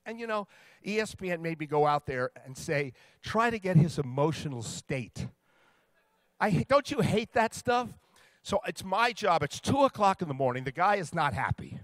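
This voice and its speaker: A man who interviews athletes, giving a comedic speech to a live audience. He tells his stories in a lively way and builds each one up to a punchline. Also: sits high, moderate pace, no echo. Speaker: sports interviewer telling stories.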